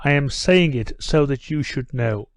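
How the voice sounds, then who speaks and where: A man reading aloud who voices an earnest, steady gentleman in his own voice. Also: mid-range voice, unhurried, dry recording, natural voice. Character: earnest gentleman, troubled, determined.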